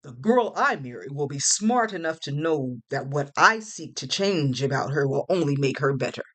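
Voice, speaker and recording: A woman's voice: deep voice, lively intonation, normal speed, a bit bright. A woman reading the lines of a resentful young man, an ex-lover who sneers in bitterness. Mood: sneering. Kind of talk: audiobook character reading.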